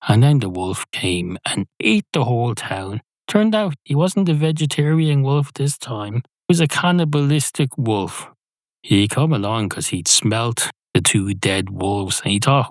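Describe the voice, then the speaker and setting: A man hosting a podcast, rambling through an improvised comic monologue in a deadpan way, with sudden high yelps and swearing. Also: normal speed, no room sound. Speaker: podcast host.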